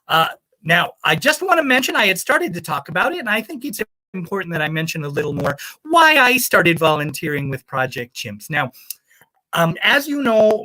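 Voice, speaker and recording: A woman's voice: medium pitch, bright, forceful tone. A woman playing a scatterbrained self-proclaimed primatologist who calls bingo and rambles in a put-on accent that drifts toward the American South. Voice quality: breezy, rambling, cheerfully misinformed. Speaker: bingo caller. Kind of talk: comic live-stream character bit.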